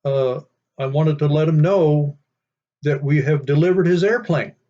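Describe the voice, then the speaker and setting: A man playing a deadpan prankster coworker. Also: fairly high pitch, unhurried, lightly acted. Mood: mock-official. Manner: mock-official, earnest. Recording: dull lo-fi sound.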